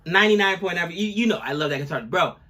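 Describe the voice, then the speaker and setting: A man's voice: sits high, lively intonation, fast talker, sharp tone. A man in his forties chatting casually as a co-host of a music reaction video. He rambles and gushes, often checking in with "you know what I mean". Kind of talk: casual chat.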